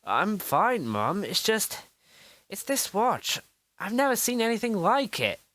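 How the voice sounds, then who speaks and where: A performer voicing an eager, excitable young boy in a homemade superhero story. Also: mid-range voice, a little slow, no room sound, pitched above the performer's own voice. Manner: eager, breathless.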